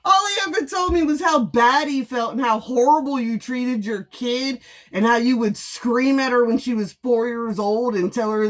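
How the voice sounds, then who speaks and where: A woman tarot reader venting in a heated, profane monologue, blunt and sarcastic, mocking with bursts of laughter. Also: on the high side.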